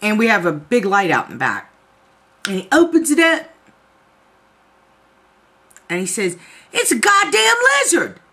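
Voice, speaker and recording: A woman's voice: medium pitch, wildly swooping pitch, unhurried, long pauses, fairly bright tone. A woman, telling a profane, comic story to her viewers in a casual vlog. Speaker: vlogger.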